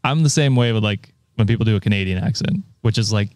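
Male podcast co-host, lowish voice, dry close sound, hesitant and chatty. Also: fast, darkish tone, dry recording. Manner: hesitant, trails off with ums. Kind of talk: casual chat reacting to a reddit post.

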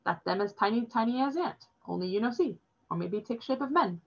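A woman voicing an earnest immigrant boy who speaks halting, broken English, on a dull lo-fi recording. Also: on the high side, lively intonation, voice pushed up.

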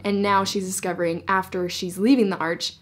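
A young woman excitedly reviewing a novel in a casual vlog, gushing and peppering her talk with "like". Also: mid-range voice, fairly quick, soft background music. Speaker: book reviewer.

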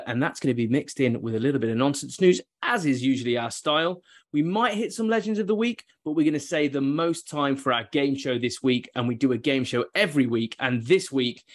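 A man hosting a football podcast, talking in casual banter with mock-grand, theatrical flourishes. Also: mid-range voice. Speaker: podcast host.

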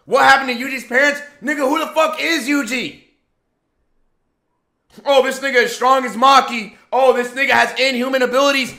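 Dude ranting about anime, really high voice, gravelly, cussing and yelling questions. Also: male voice, fairly even intonation, moderate pace. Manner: exasperated, swears heavily, rhetorical questions, often shouts. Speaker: anime commentary youtuber. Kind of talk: profane ranting commentary.

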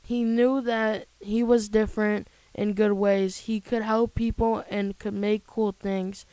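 A woman reading a children's story aloud in a plain, gentle storytelling way. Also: medium pitch, flat delivery, unhurried, smooth, no room sound, poor audio. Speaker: storybook reader.

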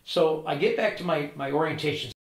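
An older man with a gravelly voice sits a little high for his age group. He tells his story in an interview and acts out each person's lines as he goes. The recording sounds roomy and echoey. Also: a little fast. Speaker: interview guest. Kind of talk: storytelling with quoted dialogue.

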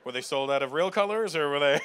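A man's voice: on the high side, animated, fast, background noise. A man doing stand-up crowd work at a live show, teasing audience members in a playful way and laughing often. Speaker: stand-up comedian. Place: large live comedy venue with audience.

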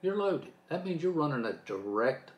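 A man's voice: fairly high pitch, big pitch swings, moderate pace, roomy sound, dull audio. A man hosting his own trucking channel, talking off the cuff in a fired-up, preachy, emphatic way. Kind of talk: off-the-cuff vlog rant.

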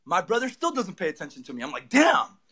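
A young man tells his story at a rapid clip. His voice sits high and bright, and he acts out each quoted line with excitement. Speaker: guest. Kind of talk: animated storytelling.

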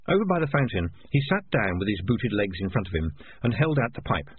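A man narrating a storybook audiobook in an expressive reading voice. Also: fairly low pitch, a little fast, slightly rough. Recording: tinny lo-fi with faint hiss.

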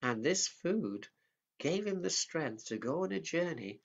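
A man preaching at a family service, telling a Bible story in a gentle, simple way. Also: fairly high pitch, sing-song, measured pace, vocal fry. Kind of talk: children's sermon storytelling. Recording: dull lo-fi sound.

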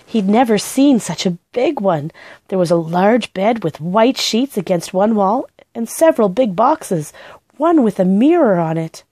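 A woman reading a children's book aloud, in a gentle and expressive storytelling manner. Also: medium pitch, a little slow, no echo. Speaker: storybook reader.

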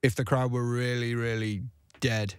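A man's voice: mid-range voice, level tone, moderate pace, clean tone, dry recording. A young man talking casually as a guest DJ in a radio studio interview, chatty and self-deprecating, with frequent restarts.

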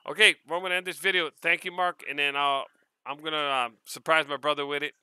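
A man from Hawaii with a Hawaiian-tinged accent, casually unboxing mail on his vlog, excitable and quick to laugh. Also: on the high side, smooth, no echo. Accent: Hawaiian Pidgin-tinged English. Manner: excitable, laughs often, repeats words. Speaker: vlogger.

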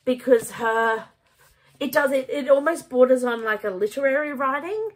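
A woman reviewing a book in a casual vlog, gushing and animated, with casual swearing. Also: high-pitched, moderate pace. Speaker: book vlogger.

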